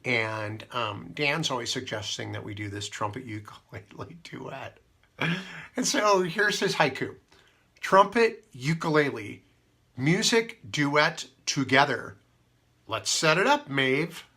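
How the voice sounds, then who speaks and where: A man's voice: medium pitch, animated, a little slow, creaky, bright, forceful tone, breathy edge. A man hosting a casual radio show, rambling through stories with many fillers and asides. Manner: meandering, full of fillers and asides. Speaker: radio host.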